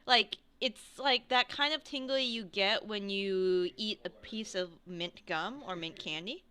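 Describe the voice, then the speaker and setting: A woman running a tabletop game as game master, chatty and quick to laugh. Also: mid-range voice, bright, forceful tone, clean tone. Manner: chatty, laughs often, frequent restarts.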